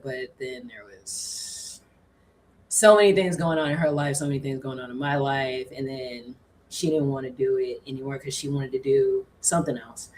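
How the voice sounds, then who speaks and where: A woman's voice: extremely low pitch, far from the mic, a little hiss or hum. A woman guest telling a funny personal story in casual chat on a video call, laughing often and acting out what people said. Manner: animated, laughs often, acts out quotes.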